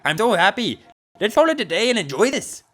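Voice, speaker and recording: Man doing a booming Scottish monster coach. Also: sing-song, fairly quick, sharp tone, full character voice. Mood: joyful. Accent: put-on Scottish. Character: cheerful monster gym coach, big-hearted.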